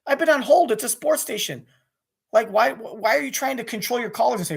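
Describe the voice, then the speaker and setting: A man with an extremely high, slightly rough voice full of vocal fry rants angrily to camera about being cut off as a sports radio caller. He talks rapidly and restlessly, swearing and restarting his sentences again and again.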